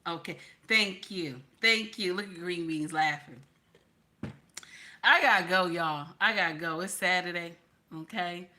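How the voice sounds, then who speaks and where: Bright-voiced playful woman streaming live. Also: on the low side, measured pace, a little hiss or hum. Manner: animated, playful, teasing; keeps repeating "okay?". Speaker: livestream host. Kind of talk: casual livestream chat.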